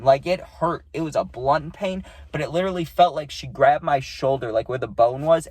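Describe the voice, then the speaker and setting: A man's voice: medium pitch, darkish tone. A young man casually telling a story in a rambling, slangy way, cursing and saying dude a lot.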